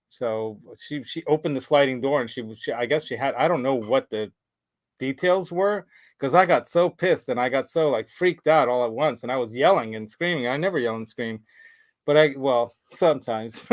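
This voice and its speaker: A man hosting a casual show, telling a story in a rambling, animated way with laughs. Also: medium pitch, moderate pace, no echo, rough recording. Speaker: show host. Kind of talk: casual chat.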